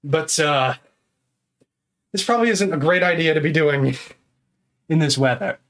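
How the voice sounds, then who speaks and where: A man's voice: a little high, measured pace, fairly bright tone. A man streaming live, chatting casually and counting exercise reps aloud while out of breath.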